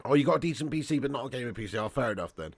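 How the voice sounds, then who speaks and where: A man's voice: mid-range voice, lively intonation, racing, no echo. A young man hosting a casual live watch-along, reading chat and bantering with viewers as lad and mate.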